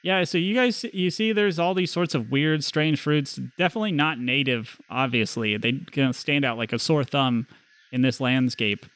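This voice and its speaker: A young man narrating a tabletop game as game master, relaxed and rambling. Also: medium pitch, normal speed, no echo. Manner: relaxed, rambling, many fillers and restarts.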